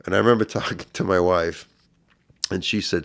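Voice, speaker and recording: A middle-aged man, a podcast guest, earnestly retelling a personal story, his voice swelling louder at intense moments. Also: deep voice, fairly even intonation, normal speed, vocal fry.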